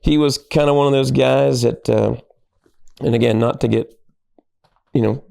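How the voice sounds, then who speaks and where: A middle-aged pastor on a podcast talks at normal speed in a medium-pitched voice with vocal fry. In casual conversation he tells animated stories, acting out the quoted lines of others.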